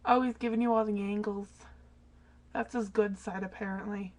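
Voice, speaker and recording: A teenage girl chatting to her dog in front of a webcam at home late at night, often dropping to a hushed half-whisper and swearing casually. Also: mid-range voice, fairly even intonation, moderate pace.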